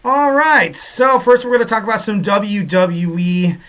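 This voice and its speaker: A man's voice: high-pitched, a little slow, fairly bright tone. Rambling, upbeat male podcast host. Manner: rambling, heavy on "you know" fillers; upbeat, jokey and self-deprecating. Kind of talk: casual podcast monologue. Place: home in Southern California.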